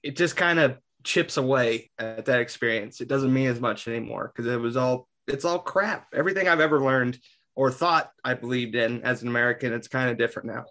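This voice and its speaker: Podcast co-host, male, mid-pitched, reflective storyteller with fillers. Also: fairly quick, a bit bright. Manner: reflective, tells stories with fillers. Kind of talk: casual podcast chat.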